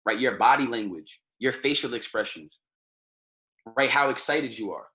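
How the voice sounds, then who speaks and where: A man's voice: medium pitch, animated, moderate pace, sharp tone. A man giving an informal motivational lesson on a group call, repeating phrases and tagging nearly every point with "right?". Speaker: trading community call leader.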